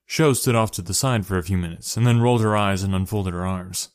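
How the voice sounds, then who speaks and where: A man reads a story aloud in a steady narrating voice, lower than most. The recording is dry and close, with no room around it. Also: brisk, clean tone, no echo. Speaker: story reader.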